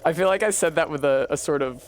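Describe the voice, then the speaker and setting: A man's voice: fairly high pitch, quick pace, slight background noise. A man streaming a video game, rambling through profane, joking retellings of a book. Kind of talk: casual gameplay chat.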